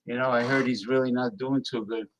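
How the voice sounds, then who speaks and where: A man of middle pitch, speaking easily and without hurry in a loose conversation, with dry little jokes dropped in. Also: steady tone, fairly quick, low-quality recording. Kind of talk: casual podcast chat.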